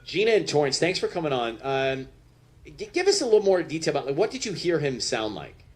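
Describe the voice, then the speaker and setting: A man hosting a radio show, brisk and upbeat as he reads listener mail and guides callers. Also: fairly high pitch, very animated. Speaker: radio host.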